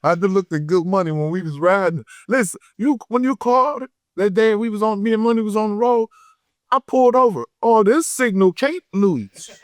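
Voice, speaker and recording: A man from Detroit with a Detroit accent, telling a story in an unfiltered, profane, heated way, swinging between loud and low. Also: brisk, no room sound, studio quality. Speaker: guest. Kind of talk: unfiltered casual interview. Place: podcast studio.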